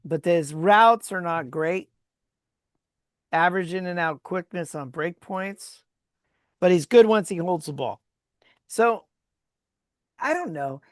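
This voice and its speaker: A woman's voice: lowish voice, takes it slowly, long pauses, dry recording, studio quality. A woman co-hosting a sports podcast, a former agent, telling stories in casual chat and laughing often. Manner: lively storyteller who laughs often.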